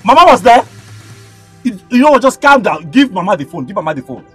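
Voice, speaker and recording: An actor with a Nigerian accent playing a quick-tempered male keke driver who shouts insults. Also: high voice, sing-song, husky, faint music behind, exaggerated voice. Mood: worried. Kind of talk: Nollywood film acting.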